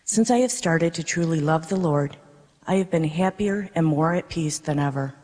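A woman, a parishioner, reading her personal faith testimony to a congregation in an earnest, measured way. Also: low-pitched, mellow. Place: darkened church worship space. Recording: reverberant worship space.

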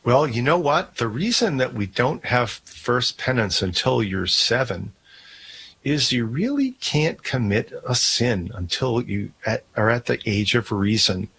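A man hosts a call-in radio program and answers in a calm, plain, explanatory manner. His pitch sits in the middle, and a faint hiss hangs in the background. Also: measured pace, vocal fry. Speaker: radio host.

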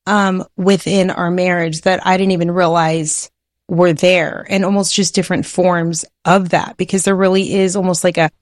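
A woman co-hosting a faith podcast with her husband, speaking in a heartfelt, emphatic way that rushes ahead at times. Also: lowish voice, flat delivery, no room sound, clean studio sound. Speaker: podcast co-host, wife. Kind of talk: faith-based podcast conversation.

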